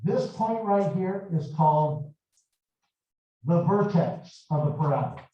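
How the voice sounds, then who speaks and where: Slow-explaining male math teacher, echoey room. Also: fairly high pitch, lively intonation. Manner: slow, deliberate explaining with chatty digressions. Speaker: math instructor. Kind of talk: classroom lecture. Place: large echoey classroom. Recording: echoey, distant, dull classroom recording.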